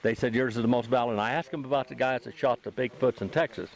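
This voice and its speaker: A man's voice: medium pitch, steady tone, fast talker, gravelly, low-quality recording. An older man hosting a casual outdoor chat, telling a rambling story and repeating himself as he acts out what people said. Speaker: host and sighting witness. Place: outdoors near a trailhead.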